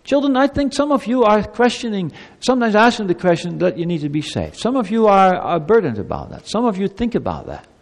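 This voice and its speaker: A man's voice: sing-song, a little fast, gravelly, hardly any pauses. Earnest male pastor preaching in a reverberant hall. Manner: earnest, swings between loud emphasis and soft low asides. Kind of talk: sermon to children and congregation. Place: church.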